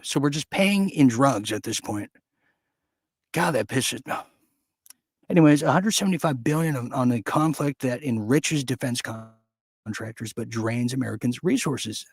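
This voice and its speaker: A man's voice: fairly high pitch, breathy edge, dry recording. A man hosting an opinionated news commentary show, reading headlines and breaking off into sarcastic, ranting asides.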